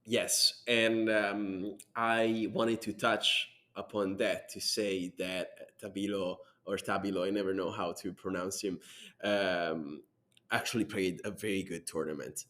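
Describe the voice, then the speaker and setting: A man hosting a casual podcast chat, talking with frequent pauses and filler words. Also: low voice, steady tone, sharp tone. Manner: hesitant, many "um"s and restarts. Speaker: podcast host.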